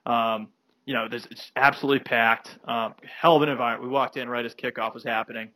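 A man's voice: mid-range voice, fairly even intonation, quick pace, pushed and bright, no room sound, rough recording. A man from South Carolina co-hosting a casual sports podcast, telling rambling stories with many "you know"s and restarts. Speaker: podcast co-host.

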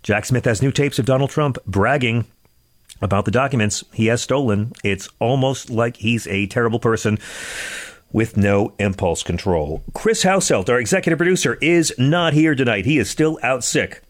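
A man hosting a political talk radio show, sarcastic and joking, a little out of breath, stammering into quick restarts. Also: medium pitch, no echo.

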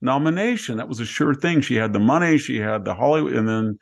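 A man's voice: medium pitch, animated, fast talker, gravelly. An older man talking casually on a political podcast, sardonic and given to laughing asides. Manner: sardonic, laughing, mimics others. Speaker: podcast host.

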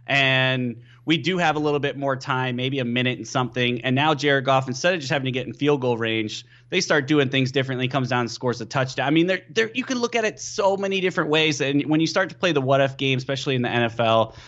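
A young man, a pro football player guesting on a podcast, telling stories excitably and leaning on "you know.". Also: mid-range voice, fast, hardly any pauses, muffled recording. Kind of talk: casual podcast chat.

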